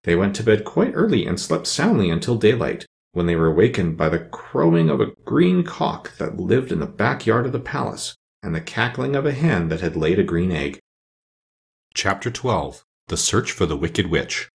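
A man's voice: low voice, normal speed, creaky. A man reading a children's storybook aloud as narrator, voicing each character in turn. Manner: expressive, voices each character. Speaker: audiobook reader.

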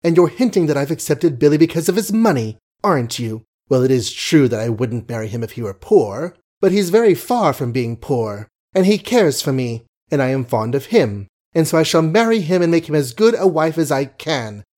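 A man reading an audiobook, voicing a proud, wounded young society woman who talks eagerly, quickly and defiantly. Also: on the high side, very animated, darkish tone, voice pushed up.

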